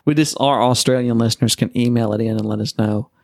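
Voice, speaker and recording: A man's voice: medium pitch, fairly even intonation, quick pace, vocal fry, darkish tone, no room sound, clean studio sound. A man co-hosting a podcast, chatting casually about board games and often losing his thread and starting over. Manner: rambling, loses his thread and restarts. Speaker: podcast co-host. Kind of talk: casual chat, board game review.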